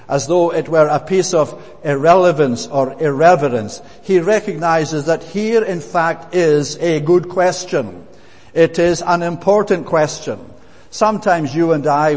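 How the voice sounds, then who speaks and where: Male preacher, fairly high voice, measured and halting, long hall echo. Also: darkish tone. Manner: measured, frequent "eh" fillers. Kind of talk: expository sermon.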